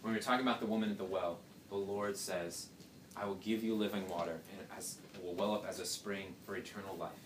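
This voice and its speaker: A young man with a low, steady voice gives a casual Bible lesson at a brisk clip, chatting along with rhetorical questions and joking asides. The mic sits at a distance in a roomy space, with faint noise in the background.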